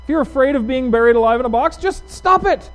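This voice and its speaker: A curt male therapist who barks orders at his patient, put on by a preacher retelling a sketch. The voice jumps high and loud, snapping out short commands with no patience. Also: big pitch swings, quick pace. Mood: exasperated. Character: blunt male therapist barking advice.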